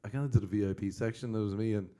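A man's voice: on the low side, steady tone, racing, dark tone. A young Irish man in casual chat as a podcast host, telling stories and laughing often. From Ireland.

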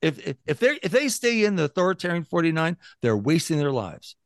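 This male interview guest, a libertarian activist, speaks briskly in a fairly high voice with big pitch swings. His animated talk is emphatic, with many restarts and mocking imitations of opponents. He sits close to the mic in a dry room with no room sound.

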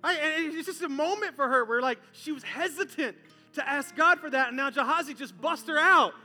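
A man preaching with a very high, bright, ringing voice, talking to the crowd as if in conversation. He slips into voices for the people in his story and drops low for the serious points. Soft guitar plays faintly behind him. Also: brisk. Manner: animated storytelling, acting out characters with voices. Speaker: pastor. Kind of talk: sermon.

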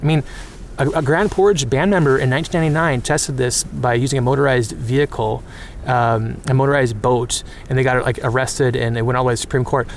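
A man's voice: mid-range voice, steady tone, a little fast, slight background noise. Earnest man with filler-heavy talk. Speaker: interview guest. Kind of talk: recorded interview.

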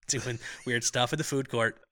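A man co-hosting a comedy film podcast, playful and quick with jokes in casual chat. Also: medium pitch, pushed and bright, slightly rough, no room sound. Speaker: podcast co-host.

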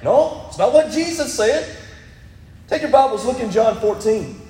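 High-voiced preacher in an echoey hall. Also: male voice, lively intonation, a little slow, pauses often, mellow. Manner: preaching with rising emphasis, quoting scripture. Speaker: pastor. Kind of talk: sermon. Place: church sanctuary.

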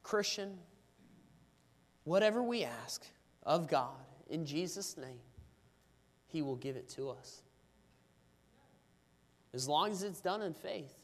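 A man's voice: on the high side, expressive, takes it slowly, pauses often, big-room sound. A man preaching a sermon, telling a story about his daughter and then pleading earnestly in prayer for revival. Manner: fervent, rising to pleading intensity in prayer.

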